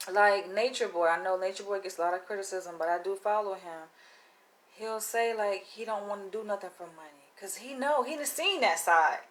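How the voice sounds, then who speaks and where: A woman vlogger talking casually to camera in a slangy, emphatic, profane way. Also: fairly high pitch.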